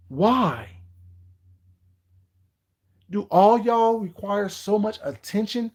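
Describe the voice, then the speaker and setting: A man doing casual live-stream commentary, sassy and emphatic, leaning on slow, repeated rhetorical questions and greeting his chat. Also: high voice, lively intonation, a little mellow.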